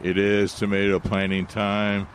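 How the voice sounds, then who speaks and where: A man's voice: fairly low pitch, monotone, unhurried. A man co-hosting a gardening radio chat, easygoing and telling light anecdotes. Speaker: gardening show co-host. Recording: outdoor nursery with faint noise.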